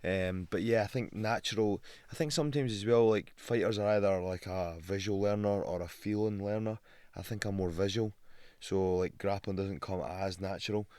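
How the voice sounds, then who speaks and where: A young Scottish man speaks as a podcast guest, spinning stories with lively, easy energy and plenty of swearing. His voice sits low, and the sound is dry and close. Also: normal speed, smooth, no room sound. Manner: lively storyteller, swears freely. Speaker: guest, fighter. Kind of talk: casual podcast chat.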